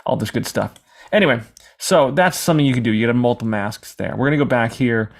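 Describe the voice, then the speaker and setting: A man teaching a screen-recorded software lesson in a casual, rambling way, sometimes acting out questions from imagined viewers. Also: mid-range voice, fast, gravelly. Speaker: software tutorial instructor.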